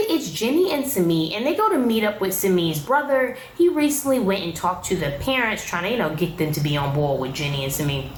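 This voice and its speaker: A woman's voice: fairly low pitch, fairly bright tone, roomy sound, a little hiss or hum, rough recording. A young woman giving a casual, opinionated recap of a reality show in a slangy, chatty way.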